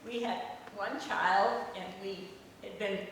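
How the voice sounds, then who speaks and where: A woman in her seventies telling a personal story to an audience in a warm, reminiscing way. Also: mid-range voice, steady tone, slow, slight background noise. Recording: echoey hall from far off.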